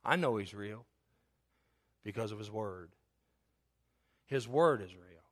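A man's voice: on the low side, animated, slow, fairly bright tone. A middle-aged male pastor, preaching a sermon with stories that build to an emphatic, rising delivery.

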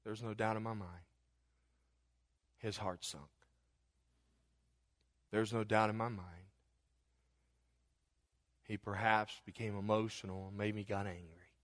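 A middle-aged man preaching a sermon as a pastor, telling jokes and stories in an animated way. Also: fairly low pitch, slow pace, pauses often. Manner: animated, joking storyteller. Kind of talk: humorous sermon.

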